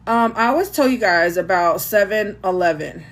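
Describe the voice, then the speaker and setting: A woman's voice: mid-range voice, lively intonation, normal speed. A woman hosting a casual livestream, chatting to her viewers about astrology and answering their comments as she goes. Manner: chatty, answers chat comments, restarts and fillers. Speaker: livestream host. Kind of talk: casual live chat about astrology and gossip.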